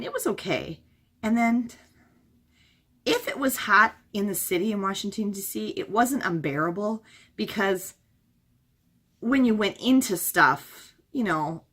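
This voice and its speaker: A hoarse middle-aged woman chatting casually as a travel vlogger, rambling through memories with many fillers. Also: lowish voice, fairly bright tone. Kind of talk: casual chat.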